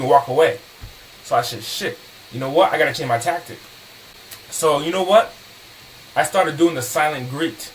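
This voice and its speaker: Male speaker, animated storyteller, slightly high voice, distant mic with faint hiss. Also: normal speed, long pauses. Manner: animated, acts out customer dialogue. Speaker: motivational speaker. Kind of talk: storytelling talk to an audience.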